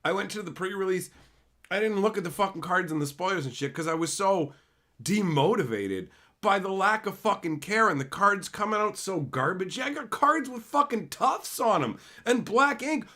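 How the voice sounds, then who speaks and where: A man hosting a livestream, ranting heatedly and profanely, swinging between loud outbursts and low mutters. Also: lively intonation, moderate pace. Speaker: channel host. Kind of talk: livestream rant.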